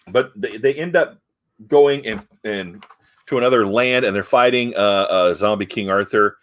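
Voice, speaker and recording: Man, middle-aged, fairly low voice, casual comic chat, rambling, hesitant, frank. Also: moderate pace, fairly bright tone. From United States. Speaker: comic review host.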